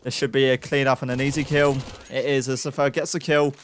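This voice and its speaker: A young man giving live play-by-play esports commentary, excitable, with self-mocking asides to chat. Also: mid-range voice, a little fast, a little hiss or hum. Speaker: esports caster.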